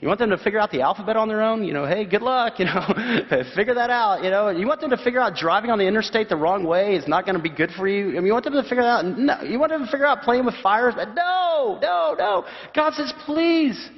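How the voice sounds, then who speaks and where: A male pastor preaching a sermon, telling stories with voiced quotes and bursts of high exclamation. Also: fast talker, few pauses. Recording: dull sound in a reverberant hall.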